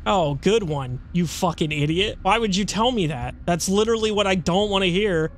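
High-voiced, sweary young gaming host. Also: male voice, moderate pace, a little hiss or hum. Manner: blunt, sweary, joking back at the game. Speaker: let's-play host. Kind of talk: casual gameplay commentary.

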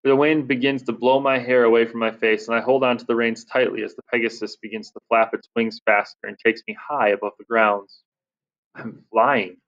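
A man reads a children's fantasy novel in first person, with lively, expressive narration. His voice sits at an average pitch. The recording is dull and muffled, like lo-fi audio. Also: moderate pace.

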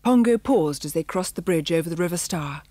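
A woman reading a children's novel aloud in a measured, expressive storybook narration, in a studio. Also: on the low side, dry recording. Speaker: audiobook narrator. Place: recording studio.

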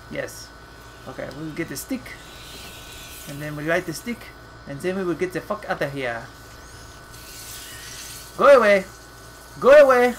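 A man hosting a let's play, joking, laughing often, swearing freely and ranting, sometimes reading game text aloud slowly and dramatically. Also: fairly high pitch, fairly bright tone, a little hiss or hum, low-quality recording. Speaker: gaming channel host.

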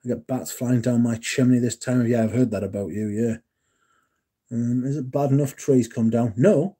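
Mid-range and mellow with a breathy edge, his voice keeps fairly even intonation at a moderate pace. As host of a casual livestream, he reads comments aloud and bantering with chat, swears freely and jokes.

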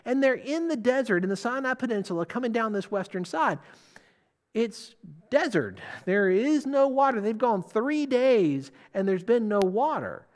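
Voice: medium pitch, animated, normal speed. A preacher giving a sermon, putting questions to the listeners and stressing key words.

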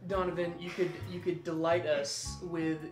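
A woman's voice: lowish voice, little pitch movement, normal speed. Rambling upbeat woman host in a roomy space. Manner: rambling and filler-heavy, upbeat. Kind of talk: casual chat. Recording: roomy, music behind.

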